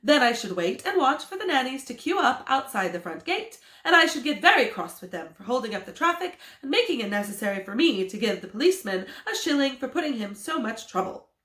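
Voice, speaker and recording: Woman putting on a stuffy English dad, put-on British accent, self-important, grumbling, lower voice, lively swings, echoey room. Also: a little fast, hardly any pauses. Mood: pompous. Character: pompous, fussy, stingy middle-aged English father. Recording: roomy echo.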